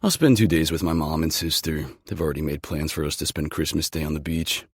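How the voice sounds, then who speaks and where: A man's voice: very deep voice, fairly quick, husky, dry recording, studio quality, heavily acted. A man playing a cocky, teasing hockey player. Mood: easy. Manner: confident, teasing. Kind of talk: audiobook character voicing.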